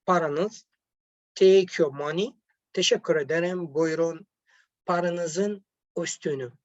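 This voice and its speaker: A man with a high-sitting voice teaches vocabulary in a slow classroom explanation, switching back and forth between two languages. He's hesitant, pausing often and correcting himself. The recording is dull, lo-fi, and dry, with no room sound.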